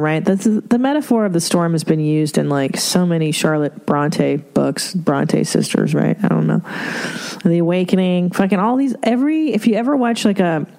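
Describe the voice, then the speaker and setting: A woman's voice: on the low side, moderate pace, creaky, dark tone. A middle-aged woman hosting an advice podcast, talking candidly and profanely with laughs and rhetorical asides. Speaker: podcast host giving advice. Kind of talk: casual advice podcast monologue.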